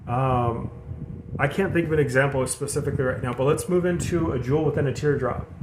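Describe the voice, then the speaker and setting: A man's voice: mid-range voice, fairly quick. A man giving a casual spiritual tarot reading, earnest and rambling, often repeating himself and calling his viewers "you guys". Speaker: tarot reader. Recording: echoey room with background noise.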